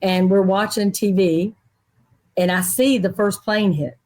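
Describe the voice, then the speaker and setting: A middle-aged woman, a guest in an interview, telling a personal story in a lively way and acting out other people's voices. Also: medium pitch, measured pace. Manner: animated, acts out quoted people's voices.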